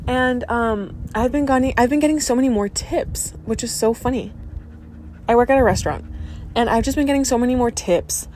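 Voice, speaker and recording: A young woman in her late teens hosting a casual podcast, chatty and excitable, full of fillers and casual swearing. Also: on the high side, brisk, slight background noise. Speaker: podcast host. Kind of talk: casual chat.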